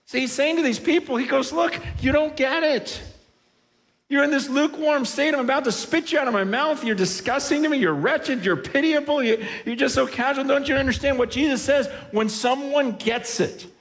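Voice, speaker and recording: A man's voice: very high voice, moderate pace, fairly bright tone, in a large hall. A man preaching a sermon with passion, often voicing the people and words he quotes. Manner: impassioned, voices quoted speakers. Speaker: pastor.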